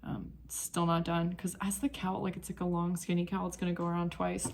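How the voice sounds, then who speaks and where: This young woman's lowish voice moves a little fast with a level tone. She's chatting about knitting in a home vlog, rambling casually and getting sidetracked.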